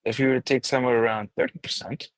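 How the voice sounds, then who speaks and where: A man's voice: medium pitch, steady tone, rapid-fire, no room sound, low-quality recording. A man co-hosting a casual chat who walks through trading chart analysis step by step.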